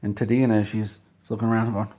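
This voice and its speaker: A man telling an absurd comedy story in a deadpan, rambling way, correcting himself as he goes. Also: fairly low pitch, brisk, lo-fi sound. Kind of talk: absurd comedic story told straight-faced.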